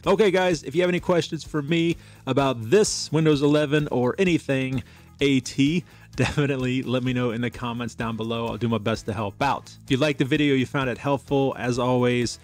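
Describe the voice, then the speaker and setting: A man hosting a tech channel, chatting casually through a software demo with some fillers and dictated test sentences. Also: mid-range voice, fairly even intonation, a little fast, soft background music.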